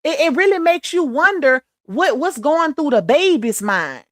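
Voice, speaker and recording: A woman's voice: high-pitched, sing-song, measured pace, no room sound, clean studio sound. A woman from Louisiana hosting a casual livestream, talking bluntly and emphatically straight to her viewers. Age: adult mother. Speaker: livestream host.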